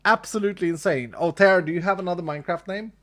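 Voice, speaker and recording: A man's voice: high voice, very fast, fairly bright tone. A man with a Swedish accent chatting casually to his live-stream audience, laughing often and repeating his phrases. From Sweden. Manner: chuckly, repeats phrases, talks to chat. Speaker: livestreamer.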